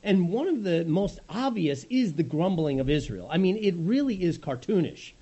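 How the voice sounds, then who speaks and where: A middle-aged man preaching a sermon in an animated, conversational storytelling manner. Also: sits high, normal speed, husky, lo-fi sound.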